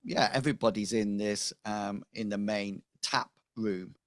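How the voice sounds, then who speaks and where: A man narrating as game master for a tabletop role-playing game, halting, with many ums and restarts. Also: lowish voice, steady tone, dry recording, studio quality.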